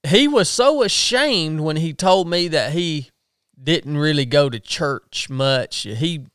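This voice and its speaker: A man's voice: on the high side, lively intonation, a bit bright, smooth, no room sound, clean studio sound. A man in a casual chat, folksy and easygoing. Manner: folksy, easygoing, quick agreeing.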